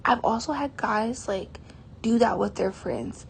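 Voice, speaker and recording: A woman's voice: fairly high pitch, measured pace, creaky, a little hiss or hum. A teenage girl telling a story to camera in a casual vlog, chatty and exasperated, with lots of "like". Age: teens. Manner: chatty, exasperated, heavy use of "like". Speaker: vlogger.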